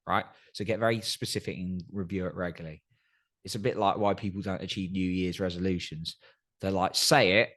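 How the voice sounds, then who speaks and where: A man hosting a solo podcast, giving earnest coaching advice and often checking in with "right?". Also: sits low. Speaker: podcast host. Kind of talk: solo motivational podcast talk.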